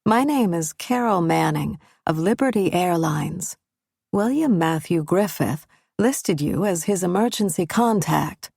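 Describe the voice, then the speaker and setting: A woman's voice: on the low side, lively intonation, measured pace, vocal fry, a little mellow, slightly rough, no room sound, clean studio sound, exaggerated voice. A woman voicing a female airline representative who speaks in a carefully neutral, businesslike, scripted tone. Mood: formal, neutral.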